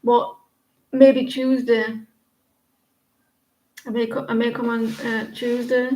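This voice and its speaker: A woman's voice: on the high side, flat delivery, slow pace, warm tone, echoey room, low-quality recording. A woman in her forties giving a casual live-stream tarot reading, rambling and chatty, often restarting her sentences. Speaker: tarot reader.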